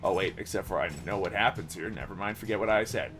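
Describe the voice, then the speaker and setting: A man's voice: sits low, fast talker, a bit bright. A man hosting a game playthrough, chatting playfully and joking along. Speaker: gaming channel host. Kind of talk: let's play commentary. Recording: faint game music behind. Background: game music.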